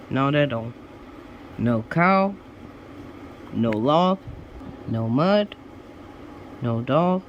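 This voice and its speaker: A man reading children's storybooks aloud, slowly and deliberately, with small slips and restarts. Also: on the high side, fairly bright tone, a little hiss or hum, poor audio. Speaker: storybook reader.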